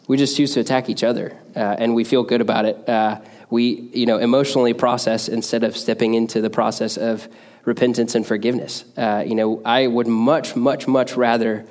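Male preacher, middle pitch, relaxed conversational sermon delivery with frequent fillers.

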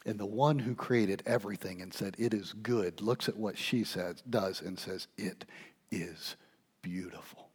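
Guy preaching a sermon, kinda husky, gets loud then goes real quiet. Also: fairly low pitch, normal speed, hardly any pauses. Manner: swings from quiet to loud, animated storytelling.

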